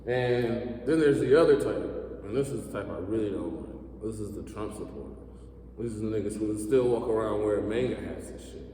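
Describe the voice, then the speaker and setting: A man in his thirties doing a stand-up comedy set, telling sarcastic, profane stories and jumping his pitch up when he acts out what he said. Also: warm tone, slight background noise. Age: 30s. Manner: profane, sarcastic storytelling with quick pitch jumps. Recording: echoey hall, mic far off.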